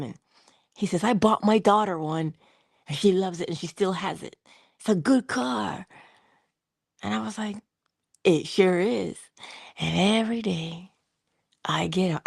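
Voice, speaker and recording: Gravelly-voiced woman telling stories. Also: low voice, no echo, clean studio sound. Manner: animated storytelling, laughs often, drops into hushed asides. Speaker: channel host. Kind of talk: casual motivational talk with personal stories.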